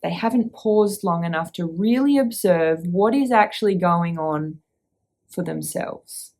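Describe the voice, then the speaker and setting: A woman hosting a reflective podcast, gently asking the listener questions and guiding a check-in. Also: lowish voice, a little slow. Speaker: podcast host.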